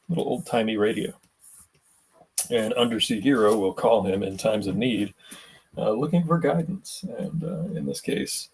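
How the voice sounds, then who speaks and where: A man hosting his drawing livestream, talking casually in a halting way with many pauses while feeling unwell. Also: on the low side, vocal fry, a little mellow, slightly rough.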